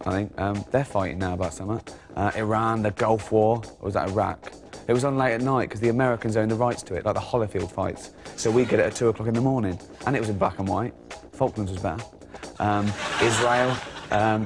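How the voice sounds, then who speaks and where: An English man in his thirties giving a blunt, mock-ignorant comic news monologue. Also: fairly low pitch. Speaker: comedy news presenter.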